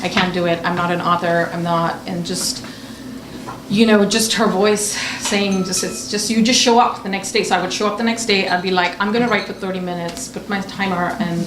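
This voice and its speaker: A woman author speaking on a panel, telling lively stories about colleagues and acting out what they said. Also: lowish voice, brisk. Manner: animated storytelling, acting out quoted friends. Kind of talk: panel discussion. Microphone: distant mic. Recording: echoey room, distant mic, noisy.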